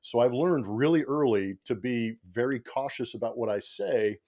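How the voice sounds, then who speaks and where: Male baseball broadcaster as podcast guest, mid-pitched, animated yarn-spinner who acts out what people said. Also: moderate pace. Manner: animated storyteller, acts out quotes, laughs often. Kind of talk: casual interview storytelling.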